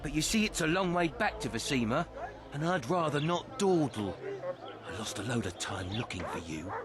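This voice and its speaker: A man voicing a smug male bounty hunter in a video game, with a mocking, menacing, drawn-out delivery. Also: mid-range voice, big pitch swings, close to an everyday voice. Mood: threatening.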